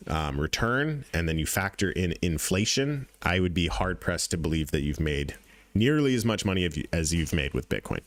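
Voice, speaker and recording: Man, deep voice, dry close sound, casual profane crypto chart commentary, emphatic repetition. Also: no echo. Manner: blunt, profane, repeats points for emphasis. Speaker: crypto trading channel host.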